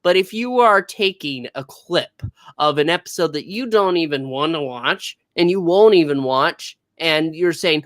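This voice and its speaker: Female co-host, lower pitch, blunt and scolding, casual review chat. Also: expressive, normal speed, hardly any pauses, a bit bright. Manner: blunt and scolding, lecturing critics. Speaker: co-host of a show reviewing comics and TV.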